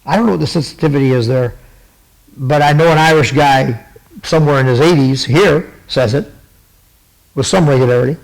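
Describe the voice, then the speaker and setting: A man's voice: medium pitch, fairly quick, creaky, pauses often, rough recording. A man hosting his own podcast, talking casually and rambling with many fillers and restarts, sipping water to keep a cough at bay. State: fighting a cough. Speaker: podcast host. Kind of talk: casual commentary to camera.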